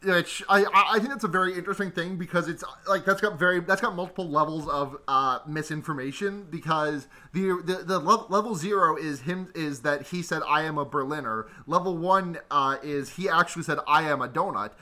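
A man's voice: on the high side, fairly quick, few pauses, bright, forceful tone. A man co-hosting a casual film chat, joking and rambling with many restarts.

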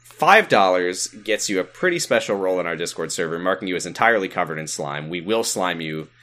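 Dry jokey podcast guy, lowish voice, kinda sharp and bright. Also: lively intonation, a little fast. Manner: dry, jokey, reads off patron names. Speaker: podcast co-host. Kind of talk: casual podcast chat.

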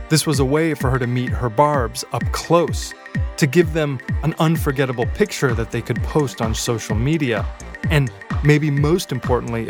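Man, documentary narrator, measured, wry, faint music underneath. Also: medium pitch. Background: faint music bed.

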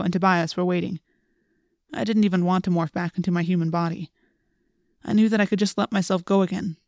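A woman reading an audiobook aloud in a measured, earnest first-person narration. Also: mid-range voice, no echo, clean studio sound.

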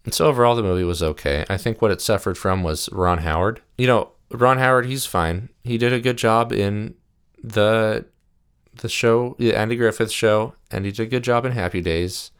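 A man's voice: lowish voice, moderate pace, smooth. A young man talking casually and enthusiastically in a rambling review monologue, full of "uh"s. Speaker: video host.

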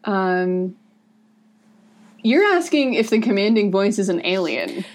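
A woman in a relaxed podcast chat at an average pitch for a woman. She talks the story through conversationally and explains each point, dropping in plenty of "um" and "like" as she goes. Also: takes it slowly, slight background noise. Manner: chatty and explanatory, with frequent "um" and "like". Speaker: podcast co-host. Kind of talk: casual discussion of a comic.

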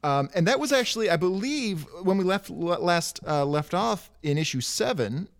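A man's voice: sits high, expressive, moderate pace. A man hosting a casual comic-book podcast, rambling and joking as he goes through the characters. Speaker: podcast host.

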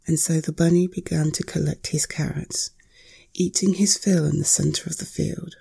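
Sleep-story narrator: woman, low husky whisper, whispered role-play. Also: fairly even intonation. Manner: slow soft whisper.

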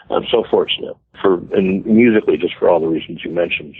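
A man's voice: deep voice, fast, hardly any pauses, a little mellow, breathy edge, no room sound. An American man in his sixties, a guest musician telling chatty, self-deprecating stories in an interview. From United States. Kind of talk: casual storytelling interview. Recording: tinny phone-line radio sound.

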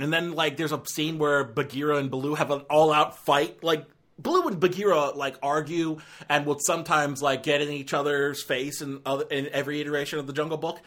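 A man's voice: a little high, fairly even intonation, a little fast, few pauses, fairly bright tone. A man giving a casual, rambling film review, often exasperated and filling his talk with "like".

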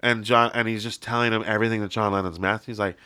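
A man's voice: lowish voice, fairly even intonation, fast, sharp tone, clean tone, no room sound, clean studio sound. A man hosting a podcast in casual chat, rambling and jokey with lots of fillers. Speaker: podcast host.

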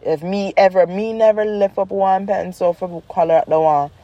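A mother rants in a casual, animated way, her voice mellow and warm in mid pitch. The sound is dry and close to the mic, and she tells the story with exasperated humor. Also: normal speed, no room sound, dull audio. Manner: animated, exasperated, acts out quotes. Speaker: mother, vlogger.

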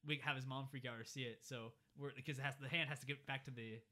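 A man's voice: mid-range voice, fast. A man casually retelling a movie scene by scene, filling his talk with "like" and "you know" and doing voices. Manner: animated retelling with voiced impressions. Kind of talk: casual movie recap chat.

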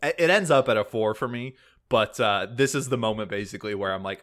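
Wry rambling man, low voice. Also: a little fast, a bit bright. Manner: rambling, wry, swears casually. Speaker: podcast co-host. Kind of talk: casual film discussion podcast.

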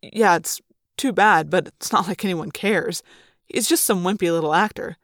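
A woman voicing a teenage boy who leads his group, speaking in a serious, measured way in an audiobook. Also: fairly low pitch, dry recording, clean studio sound, pitched below the performer's own voice, natural voice. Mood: dismissive. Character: teenage boy, quiet team leader. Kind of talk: audiobook character reading.

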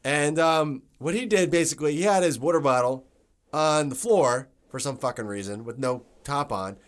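A man's voice: a little high, normal speed. A young man from New Jersey with a New Jersey accent, co-hosting a podcast in loose, rambling, swearing chat that often breaks into laughter. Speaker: podcast co-host. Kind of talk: casual chat.

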